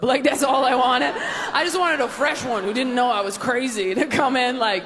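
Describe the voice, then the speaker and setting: A woman's voice: fairly high pitch, lively intonation, brisk, a bit bright. A young woman from Los Angeles doing a stand-up set on a club stage, firing off self-mocking punchlines and stretching out quoted lines. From Los Angeles, United States. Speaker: stand-up comedian. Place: comedy club stage before a live audience. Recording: audience noise and laughter behind. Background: crowd laughter.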